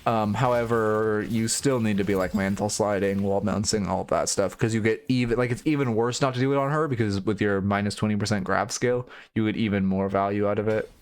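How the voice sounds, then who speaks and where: A man's voice: fairly low pitch, fairly even intonation, a little fast, hardly any pauses, clear, resonant tone. A young man giving casual live-stream coaching commentary on a video game, frank and blunt, swearing now and then and restarting his sentences.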